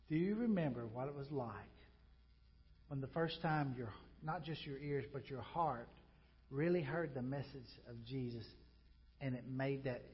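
Delivering his sermon in a medium-pitched voice, this pastor mixes forceful, loud points with quiet, reflective moments and slips in jokes along the way. His manner stays conversational and emphatic, though the audio is dull.

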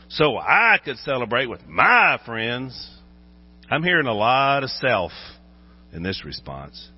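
Man, pastor, animated sermon, muffled sound, mains hum. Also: mid-range voice, unhurried, breathy edge. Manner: animated, acts out voices while preaching.

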